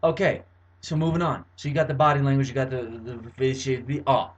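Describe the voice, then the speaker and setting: A man's voice: mid-range voice, fairly quick, muffled recording. A young man talking to camera from his bedroom in a casual, verbose monologue, full of fillers and restarts as he explains something. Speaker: vlogger. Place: bedroom at home.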